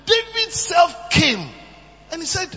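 A man preaching a sermon, moving from soft asides to shouted emphasis. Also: very high voice, sing-song, takes it slowly. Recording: muffled, with long hall reverb and faint hum.

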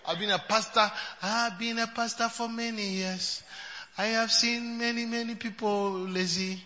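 A man preaching a sermon as a pastor, mixing English and Twi and swinging from soft asides to shouts. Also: high voice, measured pace. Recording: dull sound in a reverberant hall.

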